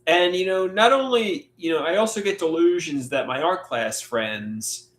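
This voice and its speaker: A man hosting a live solo stream, talking in a halting, reflective way with many filler words. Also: on the high side, lively intonation, fairly bright tone. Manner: halting, reflective, frequent "you know" fillers. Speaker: livestream host. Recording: echoey room.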